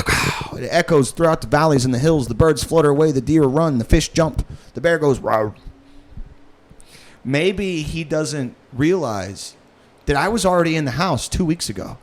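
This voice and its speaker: A man in an improvised comedy bit, sliding into a low, creepy murmur as he spins a menacing monologue. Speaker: podcast co-host.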